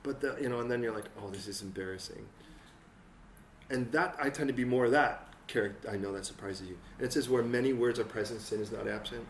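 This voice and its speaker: A man preaching a conversational sermon as pastor, acting out quotes and building to excited peaks. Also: mid-range voice, quick pace, slight background noise. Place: church hall. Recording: roomy church sound from a distant mic.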